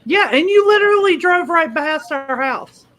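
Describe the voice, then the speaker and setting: A woman's voice: extremely high pitch, expressive, normal speed, fairly bright tone. A woman chatting casually, mostly chiming in with short interjections. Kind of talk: casual chat.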